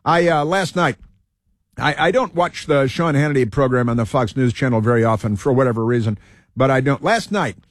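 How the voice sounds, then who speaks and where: A man's voice: mid-range voice, dry recording, studio quality. Rambling heated male talk host. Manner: halting, many fillers and restarts, heated. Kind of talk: rambling political monologue.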